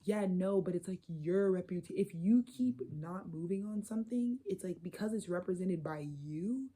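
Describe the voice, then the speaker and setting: A woman giving a casual, channeled tarot reading to her viewers. She talks in a loose, profane, animated way. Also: on the low side, normal speed, slightly rough. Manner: loose, profane, animated, slipping into quoted voices. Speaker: tarot reader.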